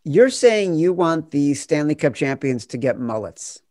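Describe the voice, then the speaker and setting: A man hosting a podcast quiz game, blunt and quick to swear. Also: a little high, big pitch swings, darkish tone, dry recording, clean studio sound. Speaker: game show host.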